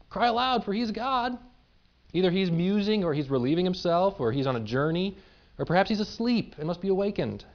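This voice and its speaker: A man preaching a sermon, moving between reading scripture and retelling it in plain, lively paraphrase. His voice sits at a middle pitch. The recording is somewhat dull and lo-fi. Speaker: pastor.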